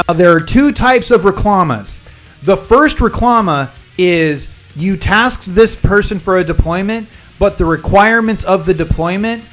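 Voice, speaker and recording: A man streaming live, chatting with viewers and rambling through a long personal story, pausing to explain terms. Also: high voice, fairly bright tone.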